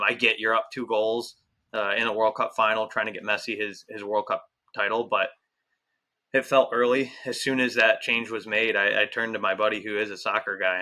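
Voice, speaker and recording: Male podcast co-host, low-ish bright voice, rambling analytical chat. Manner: rambling, frequent restarts and fillers. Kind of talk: casual soccer analysis chat.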